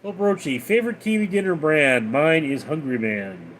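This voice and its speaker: A man hosting a casual livestream, reading out viewer messages and replying in a deadpan way. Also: on the high side, normal speed, slight background noise. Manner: reads out viewer names and messages, deadpan replies. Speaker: livestream host reading chat.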